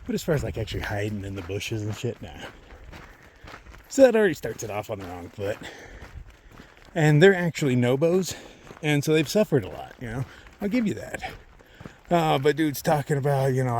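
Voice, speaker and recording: Swearing hiker ranting outdoors. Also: male voice, medium pitch, moderate pace, slight background noise. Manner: profane, animated rant that swings between loud outbursts and muttered asides. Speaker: long-distance thru-hiker vlogger. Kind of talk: casual storytelling. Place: outdoors on a hiking trail.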